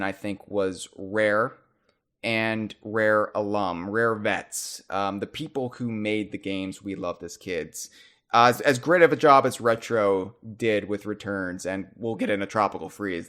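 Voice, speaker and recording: A young American man hosting a podcast, talking casually and excitedly with frequent restarts and repeated words. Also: fairly low pitch, smooth. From United States. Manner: animated, often halting, restarting and repeating words. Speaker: podcast host. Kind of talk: casual chat.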